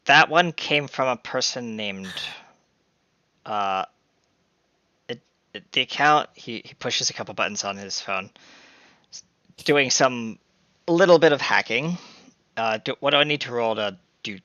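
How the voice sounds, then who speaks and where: A man's voice: medium pitch, animated, a little slow, pauses often, pushed and bright, no room sound, lo-fi sound. A man playing a tabletop game on a headset from his bedroom, rambling and self-deprecating with hesitant fillers. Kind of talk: casual chat with in-character narration. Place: home bedroom.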